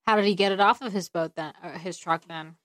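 A woman's voice: on the low side, fairly quick, fairly bright tone, no room sound. A woman co-hosting a casual podcast, chiming in with wry remarks and questions. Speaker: podcast co-host. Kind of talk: casual chat.

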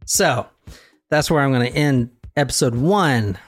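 A man telling a story casually as a podcast host, profane and animated, laughing often. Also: medium pitch, measured pace, soft background music.

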